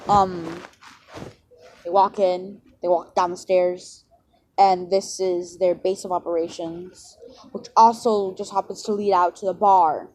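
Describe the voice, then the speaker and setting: A woman's voice: lowish voice, little pitch movement, a little slow, darkish tone, low-quality recording. A woman vlogger rambling through a casual story with lots of fillers and self-corrections. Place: outdoors near home.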